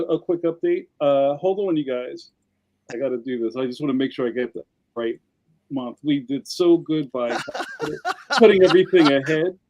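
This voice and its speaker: An upbeat male host closes out a livestream in a loose, rambling way. His voice is a touch high. He talks over a webcam on a video call. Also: a little mellow. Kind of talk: casual livestream chat.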